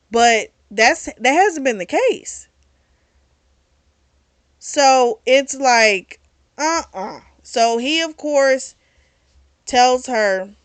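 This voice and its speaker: A woman hosting a book club vlog, chatting her way through a story recap with lively asides. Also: on the high side, no room sound.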